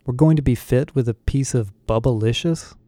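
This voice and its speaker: A sardonic young man who is plainly unimpressed, voiced by a man narrating an audiobook, speaking in a flat, deadpan way. The mellow voice sits dry and close. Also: medium pitch, normal speed, dry recording, lightly acted.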